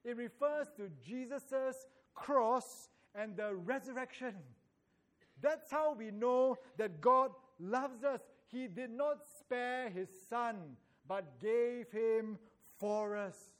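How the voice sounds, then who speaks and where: A man delivering a sermon in a high voice, taking his time over every phrase. He reads scripture with measured emphasis and lets his voice climb on dramatic lines. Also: a bit bright. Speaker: preacher.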